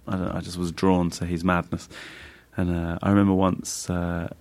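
A comedian guest chatting in a casual interview, his man's voice sitting very low with a gravelly, creaky texture. He rambles through anecdotes, laughing often and putting on silly voices when he quotes his friends. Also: moderate pace. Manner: slips into animated voices when quoting friends.

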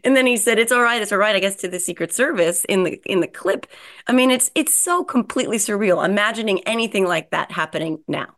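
A woman in her forties hosting an interview, chatty and animated, with lively asides. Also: medium pitch, a little fast. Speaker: podcast host. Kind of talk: casual conversational interviewing.

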